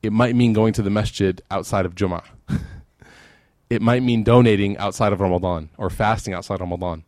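A man's voice: lowish voice, brisk, a little mellow, no echo, studio quality. A man giving a sermon, telling a story and then closing in fervent prayer. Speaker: preacher.

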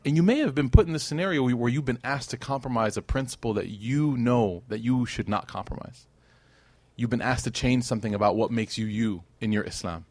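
A man's voice: mid-range voice, dry recording. Male religion teacher, casual lecture delivery, conversational, dry close-up recording. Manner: conversational, checks in with "right?" and acts out quotes. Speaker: Islamic class teacher.

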